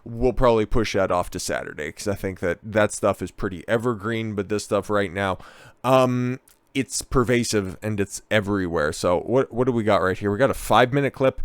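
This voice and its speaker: A man's voice: lowish voice, normal speed, clean tone, dry recording. Sarcastic man ranting on his show. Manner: crude, sarcastic, profane. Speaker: online commentary host. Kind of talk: ranting news commentary.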